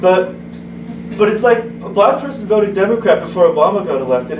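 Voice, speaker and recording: Open-mic male comic, stammering restarts, slightly high voice; recorded from far off in a roomy little club. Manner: halting, stumbling delivery with many restarts. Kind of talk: stand-up comedy set. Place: small comedy club, indoors. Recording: echoey club, distant mic, room noise.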